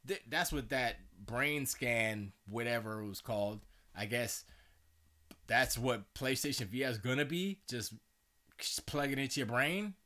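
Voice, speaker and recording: A man's voice: medium pitch, animated, a little slow, sharp tone. Rambling man chatting on a live stream. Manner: rambling, many restarts and stammers. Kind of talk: casual live-stream chat.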